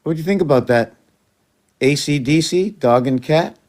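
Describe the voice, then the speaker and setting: A man's voice: on the high side, expressive, moderate pace, a little mellow. A man in a rambling, casual monologue who talks to his cats in a raised, coaxing voice and jumps between loose ideas.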